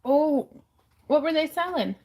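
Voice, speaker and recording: A woman's voice: high-pitched, animated, a little slow, highs cut off. A woman hosting a live jewelry auction stream in a casual, giggly, self-deprecating way.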